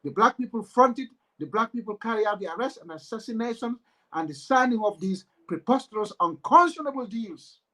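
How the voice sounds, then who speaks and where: A man's voice: sits high, animated, a little fast, sharp tone, low-quality recording. A man with a Gambian accent giving an emphatic, impassioned political monologue, repeating phrases as his anger builds. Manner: emphatic, repetitive, rising to anger. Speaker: political commentator.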